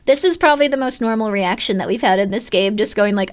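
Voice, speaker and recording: A young woman streaming a horror game, talking in an animated, self-deprecating way with lots of fillers and rambling asides. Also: medium pitch, fast, few pauses, soft background music. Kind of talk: live let's-play commentary.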